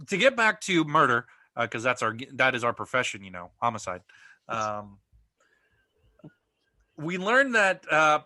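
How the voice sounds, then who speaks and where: A man's voice: medium pitch, sharp tone, dry recording. A man co-hosting a podcast in casual chat, recapping plot at length with plenty of ums and uhs. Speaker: podcast co-host.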